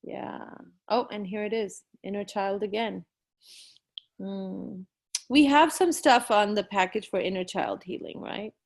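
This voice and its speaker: A woman's voice: medium pitch, unhurried, gravelly. A woman hosting a live online stream, effusive and encouraging, reading viewer comments aloud with frequent fillers.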